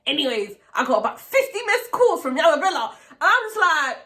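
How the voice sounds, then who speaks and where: Woman, twenties, storytime vlogger, animated, high pitched. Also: fairly quick. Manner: animated storytelling, acts out quotes with shouts and laughs. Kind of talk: storytime vlog.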